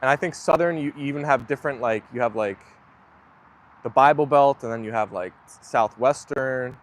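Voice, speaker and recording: A man of medium pitch, speaking at normal speed, livestreams from his phone as he walks his dogs in the rain. His casual chat with viewers wanders and often turns self-deprecating.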